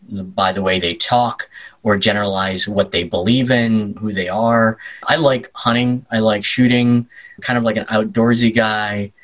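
A man, a journalist, talking with a guest in a relaxed interview, telling stories loosely with lots of "like" and "kind of". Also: fairly low pitch, low-quality recording. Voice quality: loose talk full of "like" and "kind of". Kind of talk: casual conversational storytelling.

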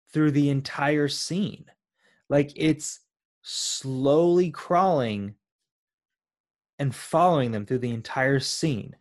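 Inquisitive man laying out a film theory. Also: mid-range voice. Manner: inquisitive, builds up theories with hesitant fillers. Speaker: podcast co-host. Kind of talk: casual film discussion.

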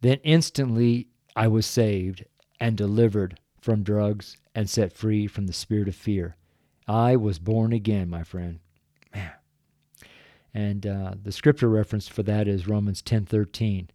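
A man's voice: fairly low pitch, steady tone, measured pace, warm tone, no room sound, studio quality. An older man giving an earnest, folksy evangelistic sermon as a preacher, with chuckles here and there. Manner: earnest, folksy, breaks into chuckles, gets choked up. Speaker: street preacher.

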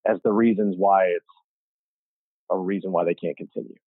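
A man's voice: low voice, steady tone, normal speed, breathy edge, no room sound. A man hosting an interview, stepping in emphatically to reframe his guest's story for listeners. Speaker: host. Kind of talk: conversational interview. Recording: tinny phone-like line.

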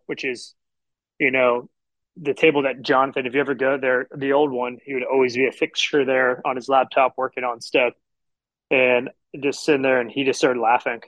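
A man from Houston talks casually on a podcast, telling winding stories and slipping into the voices of people he quotes. His voice sits at an ordinary middle pitch, recorded close and dry with no room sound. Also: a bit bright, no room sound, lo-fi sound. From Houston, Texas. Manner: rambling storyteller who acts out quotes. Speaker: chef and restaurant owner, guest.

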